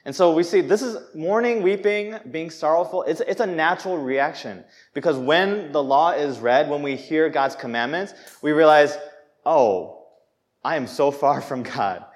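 A young man preaching a sermon in a church, conversational and animated, acting out people's reactions as he speaks. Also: fairly high pitch, normal speed, few pauses. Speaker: pastor.

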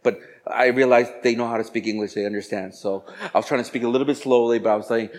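A man casually telling a personal story in an animated way, acting out what people said with sudden jumps in pitch and volume. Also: fast, hardly any pauses. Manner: animated, acts out dialogue with jumps in pitch and loudness.

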